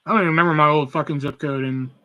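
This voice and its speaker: A man's voice: on the high side, steady tone, very fast, sharp tone, lo-fi sound. A young man, chatting casually and swearing freely on a live stream while reading chat messages aloud. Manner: profane, rambling, reads chat aloud. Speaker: livestream host.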